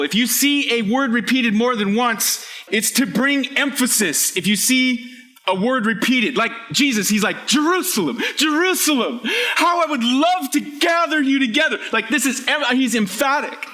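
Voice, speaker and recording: Animated, high-voiced preacher man. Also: normal speed. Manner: animated, emphatic, shouts for emphasis, jokes with the audience. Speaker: pastor. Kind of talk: energetic sermon. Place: church hall with a live congregation.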